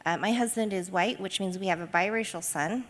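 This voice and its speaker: A woman's voice: medium pitch, fairly quick, in a large hall. A woman educator and mother speaking in a reflective, storytelling way in a podcast interview. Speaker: guest, educator.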